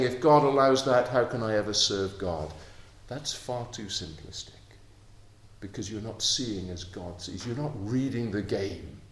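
Slow, earnest male preacher in echoey room. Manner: earnest, swings between soft intimate lows and emphatic raised passages. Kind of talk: sermon.

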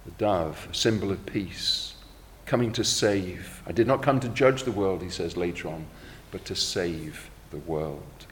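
A middle-aged man delivers a sermon in a fairly low voice, measured and reflective, easing his pace over quoted verses. His voice carries a long reverb, as in a large hall. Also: slight background noise. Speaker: preacher.

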